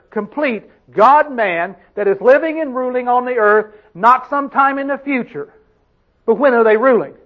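A man's voice: very high voice, highs cut off. A man preaching a sermon, emphatic, putting questions to his congregation and answering them himself.

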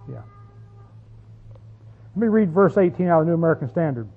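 A man's voice: on the high side, lively intonation, fairly quick. A man preaching a sermon as pastor, folksy and conversational, often asking the congregation questions. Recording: tinny phone-like sound.

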